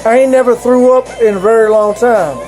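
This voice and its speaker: A man's voice: very high-pitched, darkish tone, soft background music, rough recording. A man telling his fellow vloggers a personal story in a casual, rambling way, stopping and restarting often. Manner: halting, rambling, with frequent restarts.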